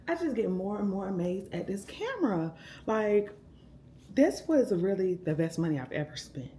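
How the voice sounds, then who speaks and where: A woman's voice: medium pitch, big pitch swings, a little slow, pauses often, mellow, a little hiss or hum. A young woman, chatting casually to her camera at home in a laid-back vlog, talking straight to her viewers. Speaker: vlogger. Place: at home, indoors. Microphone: handheld camera.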